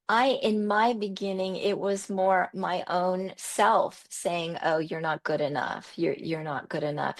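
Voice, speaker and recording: A middle-aged woman telling personal stories in an animated conversational way, repeating words for emphasis. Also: medium pitch. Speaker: podcast host as interview guest. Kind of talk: conversational storytelling.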